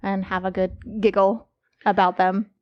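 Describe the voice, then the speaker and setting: A woman hosting a podcast in casual chat, chatty and quick to laugh. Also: medium pitch, little pitch movement, dry recording, highs cut off. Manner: giggly, chatty. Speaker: podcast co-host.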